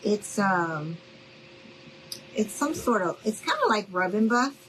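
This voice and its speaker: A woman's voice: medium pitch, big pitch swings, slow, background noise. A middle-aged woman hosting a casual live crafting demo, chatty and friendly, calling her viewers y'all. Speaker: craft tutorial host.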